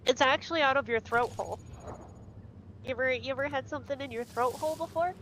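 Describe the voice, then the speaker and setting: A woman's voice: high-pitched, fast, a bit bright, slight background noise, low-quality recording. A woman streaming a game in casual chat, teasing and swearing a lot.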